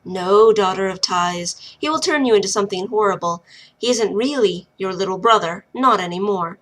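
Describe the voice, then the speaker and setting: A woman's voice: medium pitch, moderate pace, lightly acted. A woman doing a stern warrior woman. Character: stern woman warrior spirit, cold and commanding.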